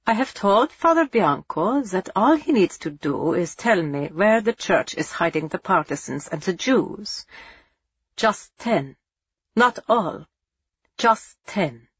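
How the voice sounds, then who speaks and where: A woman voicing a cold, menacing male German army captain who questions his prisoners with calm cruelty. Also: mid-range voice, takes it slowly, husky, dry recording, lo-fi sound, exaggerated voice. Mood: coaxing.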